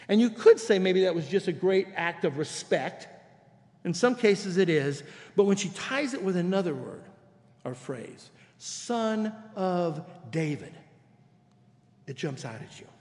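A man's voice: sits high, darkish tone, big-room sound. A man preaching a sermon as pastor, explaining scripture in a conversational way and reading quoted passages aloud. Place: church sanctuary.

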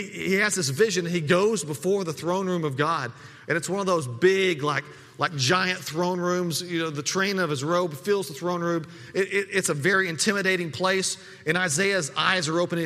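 Bright-voiced preacher man in a reverberant hall. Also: on the high side. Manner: conversational preaching with frequent repeated words. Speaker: pastor. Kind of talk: sermon.

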